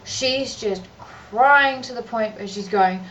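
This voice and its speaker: A woman's voice: a little high, takes it slowly, fairly bright tone. A mother ranting to her vlog camera, exasperated and emphatic, often restarting her sentences. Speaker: mother and vlogger. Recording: distant, dull lo-fi recording with faint noise.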